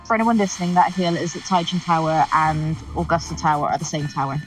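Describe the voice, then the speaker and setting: A woman co-host with a lowish voice who chats confidently about game lore. She sounds set back from her mic. Game music plays underneath. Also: fast talker, far from the mic, low-quality recording. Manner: chatty, confident theorizing. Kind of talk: casual gaming chat.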